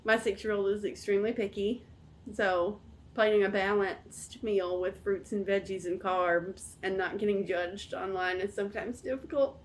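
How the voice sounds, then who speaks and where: A woman's voice: mid-range voice, steady tone, normal speed, slight background noise. A woman in her thirties talking casually to camera as a vlog host, candid and rambling. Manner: rambling, candid and self-deprecating. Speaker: channel host.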